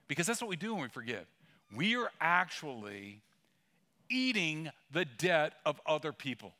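A man's voice: on the high side, very animated, normal speed, sharp tone. A man preaching a sermon as a pastor, conversational and emphatic, with asides and humor.

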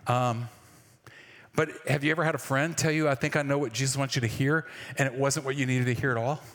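A man's voice: mid-range voice, fairly even intonation, a little fast, a bit bright. A man preaching a sermon in a conversational way, often asking the congregation questions. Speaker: pastor. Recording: reverberant church hall.

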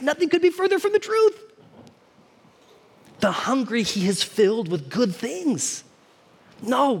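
A man's voice: high-pitched, breathy edge. A man preaching a sermon to his congregation in a casual, conversational way, often asking them questions. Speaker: pastor. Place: church hall.

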